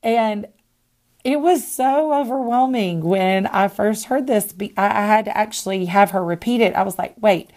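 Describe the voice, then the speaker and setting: A woman podcast host and minister telling a personal faith story in an earnest way, with pauses and restarts. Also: mid-range voice, a little mellow.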